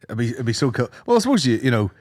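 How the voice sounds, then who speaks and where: A Northern Irish comedian co-hosting a podcast, riffing in a self-mocking, sweary, joking way. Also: male voice, medium pitch, rapid-fire. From Northern Ireland. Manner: animated, self-mocking, does silly voices and sweary riffs. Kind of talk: casual banter.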